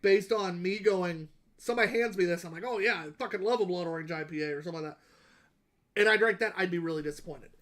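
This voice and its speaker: Blunt, high-pitched male podcast co-host, casual and profane. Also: fast talker, fairly bright tone. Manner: blunt, swears freely. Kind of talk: casual beer-review chat.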